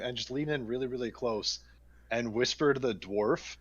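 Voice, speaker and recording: A man at a tabletop game, speaking in a playful, mock-flattering way at a middling pitch. His voice comes through a slightly dull, muffled line. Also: normal speed, breathy edge. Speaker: player.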